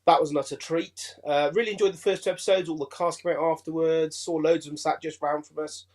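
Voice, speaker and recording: A man with an English accent, a chatty and excitable guest on a fan show. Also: fairly high pitch, fast talker. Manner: chatty and excitable, laughs easily. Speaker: guest reviewer. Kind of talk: casual fan chat.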